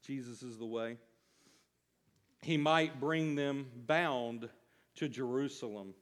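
A man's voice: medium pitch, slow pace, long reverb tail. A man preaching a sermon to his congregation, reading scripture and stretching out key phrases with rising emphasis. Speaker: pastor.

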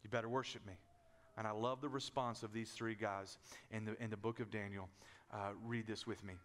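A man's voice: on the low side, steady tone, normal speed, a bit bright. A man preaching a sermon, building intensity through repeated cadences and rhetorical questions. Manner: preaching with rising and falling intensity, repetitive cadences. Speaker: pastor.

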